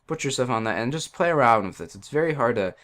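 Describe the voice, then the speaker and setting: A man's voice: mid-range voice, expressive, fast talker, fairly bright tone. A man talking casually and loosely about his own streaming setup, rambling a bit and calling himself a non-professional. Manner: rambling, loose, self-deprecating. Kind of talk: casual unscripted tech talk. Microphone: desk mic with compressor.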